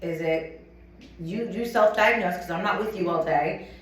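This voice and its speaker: Woman, motivational sales talk, chatty and animated, very echoey room, heard from a distance. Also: fairly low pitch, normal speed. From United States. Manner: chatty and animated, acts out little scenes. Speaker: motivational speaker at a sales event. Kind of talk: lively live training talk. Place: conference room with a live audience.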